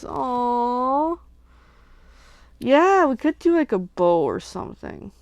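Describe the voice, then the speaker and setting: A woman crafter chatting casually while making cards, gushing with excitement and slipping into whispers over cute things. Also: on the high side, slow pace, creaky, pauses often, smooth, dry recording, dull audio. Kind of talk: casual crafting livestream chat.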